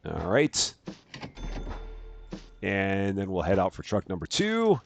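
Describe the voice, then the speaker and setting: Lively low-voiced man narrating gameplay. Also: takes it slowly, vocal fry, soft background music. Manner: chatty, self-correcting, narrates each task aloud. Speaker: let's-play host. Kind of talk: casual gameplay commentary.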